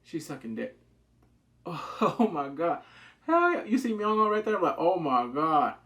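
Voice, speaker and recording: A man giving a casual, excitable recap of a TV drama, acting out the characters' lines in quick asides. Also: a little high. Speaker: TV drama reviewer.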